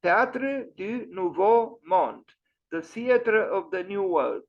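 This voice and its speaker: High-voiced man lecturing, halting. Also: expressive. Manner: hesitant, many fillers and restarts. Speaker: architecture lecturer and host. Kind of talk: online lecture on architecture. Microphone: video call. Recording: dull lo-fi online audio.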